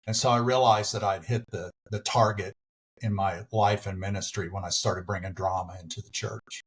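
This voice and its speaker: A middle-aged man, a preacher and actor, telling stories as a podcast guest in an animated, playful way. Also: fairly low pitch, normal speed, slightly rough. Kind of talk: storytelling in casual conversation.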